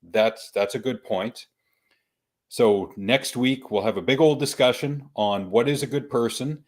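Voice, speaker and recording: A man's voice: medium pitch, a little slow. Joking male podcast host. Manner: joking, laughs often, repeats himself. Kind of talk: casual chat.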